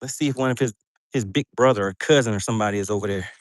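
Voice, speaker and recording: A man's voice: on the low side, racing, no echo, clean studio sound. A man hosting a fishing livestream from a boat, chatting casually and reading out viewer comments with frequent laughs.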